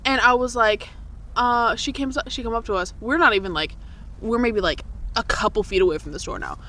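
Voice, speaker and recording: Young woman, podcast co-host, higher voice, casual storytelling, swearing, animated quotes. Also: brisk. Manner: swearing, laughing, jumps high for quoted voices.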